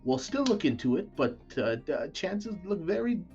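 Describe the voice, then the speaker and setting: A woman's voice: on the low side, very animated, darkish tone, dull audio, soft background music, voice pushed up. Man voicing a flustered young wizard girl. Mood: gloomy. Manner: halting, flustered, many restarts. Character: bookish young female wizard helper, awkward.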